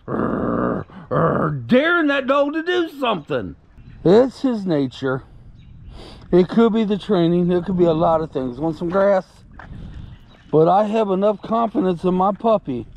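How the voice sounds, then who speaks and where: Man, high voice, gravelly, rambling casual vlog, outdoors on a walk. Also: a little mellow, lo-fi sound. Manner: rambling, repeats words, talks soothingly to his dog. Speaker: vlogger walking his puppy. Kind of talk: casual chat to camera.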